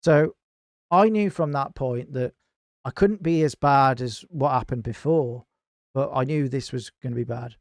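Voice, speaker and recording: A man with a mid-range voice speaks a little slowly in a clean studio recording with no echo. As a podcast guest and gaming clan founder, he tells a heated story in casual chat, animated, swearing heavily, and acting out other people's lines.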